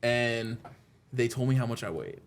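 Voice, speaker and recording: A man's voice: mid-range voice, animated, normal speed, a little hiss or hum. A man chatting casually on a podcast with friends, joking and cutting in to keep talking. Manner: joking, keeps pushing to be heard. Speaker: podcast guest, driving instructor.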